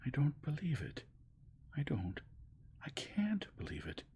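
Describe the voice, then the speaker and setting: A man's voice: on the low side, big pitch swings, moderate pace, voice pushed up. A man voicing a distressed noblewoman in a whispered role-play, urgent and imploring. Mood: pleading. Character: distressed pleading noblewoman, Dolly.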